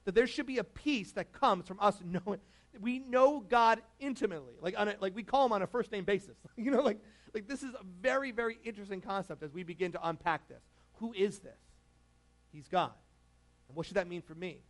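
A man's voice: high voice, a little fast. A man preaching a casual, conversational sermon, laughing often and asking the congregation questions. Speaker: pastor.

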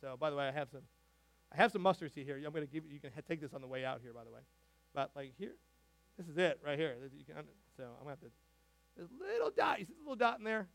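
A man preaching a sermon as a pastor, animated and conversational, with frequent asides and restarts. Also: on the high side, very fast, vocal fry, dry recording. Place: church sanctuary.

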